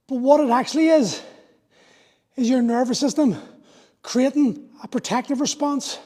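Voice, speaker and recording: A man's voice: very high voice, normal speed, warm tone. A man in his forties, a fitness coach talking through a live workout, explaining and motivating in an earnest way. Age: 40s.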